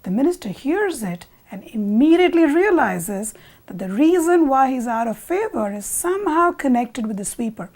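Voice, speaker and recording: A woman narrating a traditional fable expressively, moving from loud emphasis to whispers. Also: high voice, big pitch swings, moderate pace. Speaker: storyteller. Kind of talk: animated storytelling narration.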